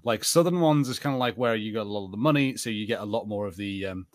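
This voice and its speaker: Northern English guy, low pitched, dry close mic; chatty podcast co-host, filler-heavy. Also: quick pace, dry recording. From Northern England. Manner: chatty, lots of fillers and restarts. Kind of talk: casual chat.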